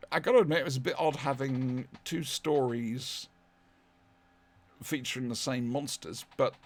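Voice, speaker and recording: A man's voice: mid-range voice, vocal fry. A man hosting a casual live stream, rambling and self-mocking with lots of fillers. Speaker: livestream host.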